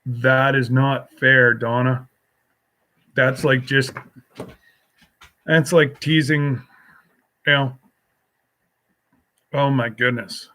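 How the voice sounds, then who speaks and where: A man's voice: mid-range voice, bright, forceful tone. A man hosting a casual solo live stream, rambling as he reads and answers viewer comments with a folksy, teasing manner.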